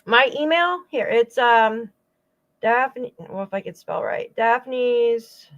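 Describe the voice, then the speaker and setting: A woman's voice: on the high side, lively intonation, slow, muffled recording. A woman hosting a true-crime channel, giving rambling casual commentary with frequent asides to her viewers. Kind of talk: casual commentary over clips.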